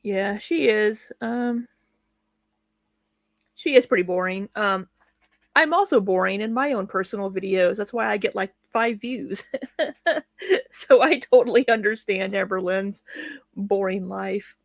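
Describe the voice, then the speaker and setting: A woman's voice: mid-range voice, unhurried, gravelly, no echo. A woman giving blunt, sarcastic commentary while live streaming, swearing freely and laughing between remarks. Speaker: reaction commentator.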